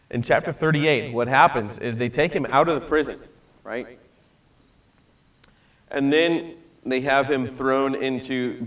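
A man's voice: medium pitch, distant mic. A man teaching a Bible study class in a casual, conversational way, often checking in with "right?" and asking his students questions.

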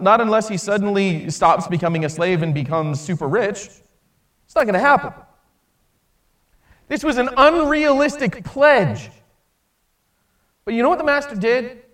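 Animated high-voiced male preacher, a bit distant. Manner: animated, acts out quoted voices, swings from loud to hushed. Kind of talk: sermon.

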